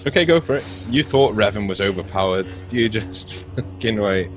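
A man's voice: lowish voice, animated, moderate pace, music in the background. A man narrating as game master of a tabletop game, laughing often and stammering as he voices characters.

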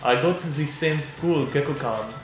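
A man's voice: fairly high pitch, normal speed, very echoey, music in the background, lightly acted. A man putting on a cheery French exchange student. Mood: friendly. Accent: put-on French accent.

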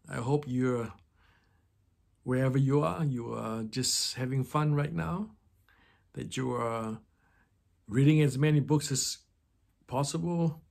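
A man talking slowly and reflectively in an informal devotional talk about faith. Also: mid-range voice, gravelly, darkish tone. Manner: slow and reflective, with pauses. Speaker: Christian speaker.

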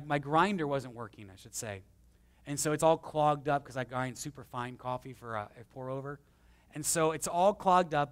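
Emphatic pastor, higher-pitched man. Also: clean tone. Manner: conversational, swings between emphatic and hushed; anecdotal, self-deprecating. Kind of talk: sermon. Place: church.

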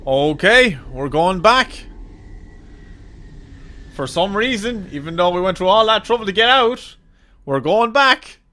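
A young man giving excitable live commentary while he plays a video game, swearing, laughing and calling his viewers lads. He talks over the game's own sound. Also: high-pitched, a little slow, pauses often. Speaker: gaming channel host.

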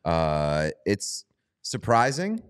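A man's voice: low-pitched, wildly swooping pitch, extremely slow, clear, resonant tone. A man co-hosting a podcast, bantering in a dry, laid-back way. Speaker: podcast co-host. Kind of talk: casual chat.

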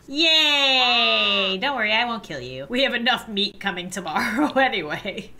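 Bright, lively woman gamer. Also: a little high, slow pace. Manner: excitable and dramatic, laughing and gasping often. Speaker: gaming YouTuber. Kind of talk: casual let's-play commentary.

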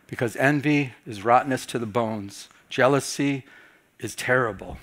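A middle-aged man, a pastor, telling a personal story during a Bible study, acting out his own reactions with lively swings between loud and soft. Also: medium pitch, normal speed.

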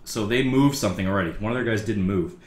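A man's voice: on the low side, quick pace, crowd noise. A man playing a tabletop wargame, coaching his teammate through moves in casual table talk. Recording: roomy room with background noise.

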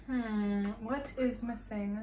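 A young woman hosting a casual reaction video, excitable and gushing, swearing freely and breaking into squeals. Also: on the high side, slow pace. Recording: echoey room with faint noise.

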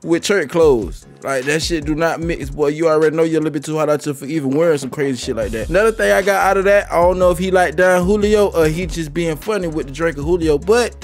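A man with a notably high voice gives slangy, animated commentary on a music video. He talks straight to the artist as if the artist were in the room. A faint hum of music sits under his voice. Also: fast talker, hardly any pauses. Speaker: music reaction host. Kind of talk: casual reaction commentary. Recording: faint music playing behind.

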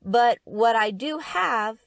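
A woman's voice: fairly high pitch, lively intonation, slow pace, creaky, no echo. Giggly woman explaining on a podcast. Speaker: podcast host. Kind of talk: casual chat.

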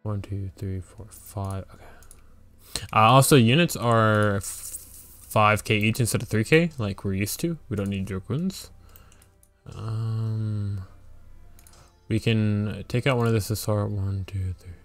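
A man's voice: lowish voice, slow pace, pauses often, fairly bright tone, no room sound, soft background music. A man hosting a let's play, giving casual strategy game commentary and thinking aloud with fillers and restarts.

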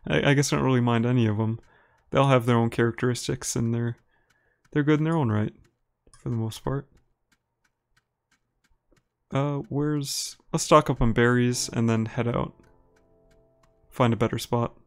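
A chatty live streamer from Minnesota, with an Upper Midwest American manner, provides live gameplay commentary and reads chat aloud. His medium-pitched voice moves at a normal speed with frequent pauses and a clean tone. He's relaxed, laughs easily, and addresses viewers by name.

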